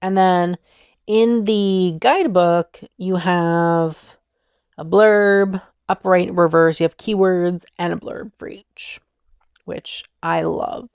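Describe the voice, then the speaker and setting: Enthusiastic woman vlogger, unhurried delivery with a touch of fry, dry muffled home recording. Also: on the low side, fairly even intonation, a little mellow, no echo. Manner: gushing, enthusiastic, giggly. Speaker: tarot deck reviewer. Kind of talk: casual video review.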